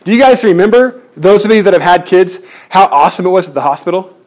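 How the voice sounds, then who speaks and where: A man preaching a sermon in church, animated and jokey, often restarting his words. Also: high-pitched, fast talker. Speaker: pastor.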